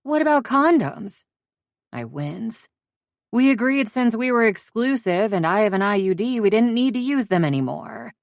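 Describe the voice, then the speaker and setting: A woman narrating a first-person romance audiobook in a measured, intimate way. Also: mid-range voice, lively intonation, a little mellow, no echo, clean studio sound.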